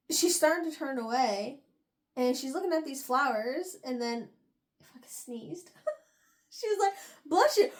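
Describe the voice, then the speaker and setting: Animated young woman recapping a book. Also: sits high. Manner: rambling, animated retelling with frequent "like" and laughs. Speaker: book review podcast host.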